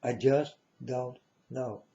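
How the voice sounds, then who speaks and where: A man giving a mournful prophetic warning monologue, slowly speaking straight to his listeners and calling them folks. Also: mid-range voice, steady tone, creaky, mellow. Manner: slow, mournful, repeatedly addresses listeners as folks. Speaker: self-styled prophet. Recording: dull lo-fi audio.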